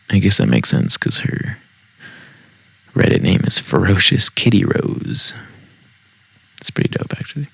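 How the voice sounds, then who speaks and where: A man reading Reddit stories aloud in a deep, heavily gravelly voice with a husky edge. He talks casually, dropping wry, swearing asides between passages. The recording is dry and close, made at home in a basement. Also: very animated, a little slow, pauses often, fairly bright tone, no echo.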